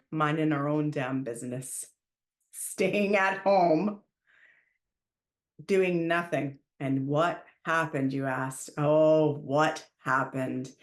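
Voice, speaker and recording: A woman hosting a podcast, retelling a story in a casual, emphatic way and raising her voice when she quotes herself shouting. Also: sits low, slow pace, roomy sound. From Canada. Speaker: podcast host.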